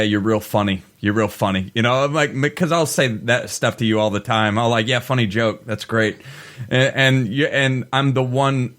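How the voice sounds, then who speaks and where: A man's voice: medium pitch, a bit bright. A man from the US Midwest co-hosting a podcast, teasing his friend and laughing often. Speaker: podcast co-host. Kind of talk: casual chat.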